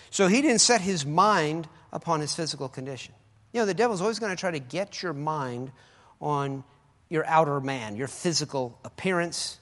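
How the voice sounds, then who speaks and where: A man preaching a sermon with fervor, swinging between loud exclamations and quiet asides. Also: fairly high pitch. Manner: fervent, swings between shouting and soft asides. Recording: echoey hall with long reverb.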